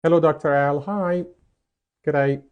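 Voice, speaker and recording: A man's voice: fairly high pitch, steady tone, unhurried, muffled recording. A man hosting a live stream, greeting viewers around the world and reading out their chat comments. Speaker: host. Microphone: mic'd up.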